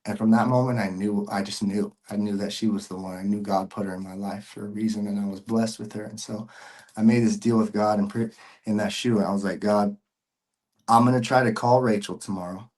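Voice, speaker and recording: A man's voice: fairly low pitch, level tone, fairly quick, dark tone. A man sharing a personal faith testimony as a podcast guest, earnest and emotional, with casual slang and frequent repeats.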